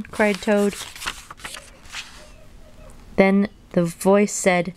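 A woman reads a children's storybook aloud in an even, clear storytelling voice. Between stories she drifts into relaxed, chatty reflection. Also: mid-range voice, takes it slowly, pauses often. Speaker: reader and video host. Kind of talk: reading a children's storybook aloud, then casual chat.

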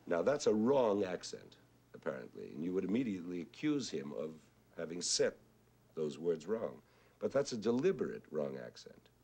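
A man with a husky voice, talking thoughtfully on television about songwriting, pausing with "uh" as he explains. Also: sits low, very animated, dark tone. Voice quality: husky "whiskey voice". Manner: thoughtful, pauses with "uh", explains with sung examples. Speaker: composer recalling a friend. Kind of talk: reflective televised talk.

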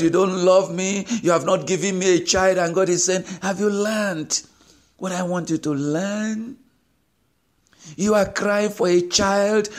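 A male pastor delivers a sermon with a fairly high-pitched voice. He presses his listeners with repeated rhetorical questions, building his emphasis as he goes.

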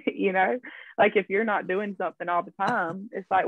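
A woman's voice: medium pitch, fairly even intonation, normal speed, no echo, narrow, tinny audio. A woman guest sharing her faith story in casual interview talk, chatty and full of fillers. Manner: chatty, laughs often, storytelling with many fillers.

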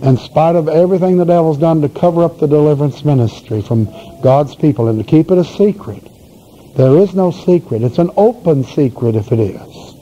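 A man's voice: on the high side, brisk, warm tone. A male pastor preaching a sermon in a folksy, emphatic storytelling manner. The voice is heard on a dull, lo-fi recording with faint hiss.

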